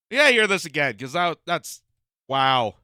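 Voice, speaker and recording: A man with a high, bright and very lively voice, mocking and incredulous as he rants through a political reaction commentary. He sounds clear and smooth, close on a dry mic. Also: no room sound. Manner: mocking, incredulous, laughs often.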